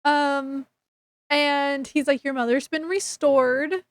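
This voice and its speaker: A woman's voice: sits high, steady tone, slow, dry recording. A woman book reviewer casually recapping a story, chattily retelling scenes in quoted dialogue.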